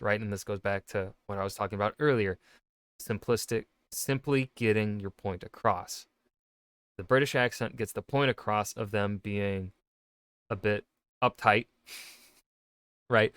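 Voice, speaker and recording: A man's voice: on the low side, fairly bright tone, clean tone, dry recording. An American man who writes fiction, giving casual reaction commentary and rambling as he thinks aloud. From United States. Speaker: author reacting to a video.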